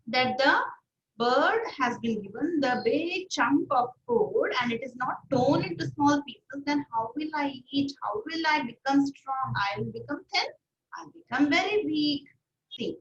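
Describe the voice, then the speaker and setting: A woman teacher explaining a story to young pupils and asking the class frequent questions. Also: high voice. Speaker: English teacher. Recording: distant, roomy, muffled recording.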